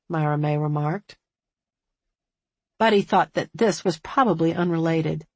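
A woman reading a novel aloud as narrator, with a husky voice. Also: deep voice, steady tone, measured pace, pauses often, no room sound. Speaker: audiobook narrator. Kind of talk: scripted narration.

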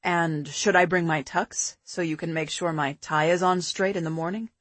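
A woman narrator voicing a calm, caring adult man in an audiobook, speaking steadily and methodically. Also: fairly low pitch, normal speed, no room sound, pitched below the performer's own voice. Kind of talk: audiobook character voice.

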